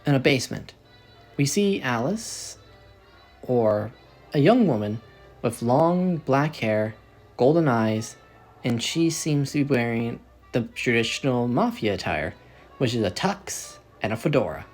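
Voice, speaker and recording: A man telling his own fan story in a loose, off-the-cuff way, often stopping to correct himself. His pitch moves a lot, and quiet music plays behind him. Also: measured pace. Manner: rambling, self-correcting, animated. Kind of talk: casual narrated fan story.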